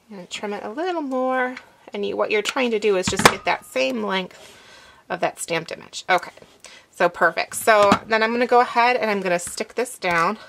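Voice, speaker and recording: A woman hosting a craft tutorial, explaining each step in a relaxed instructive way with some fillers as she works. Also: medium pitch, background noise. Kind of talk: demonstration, talking while working.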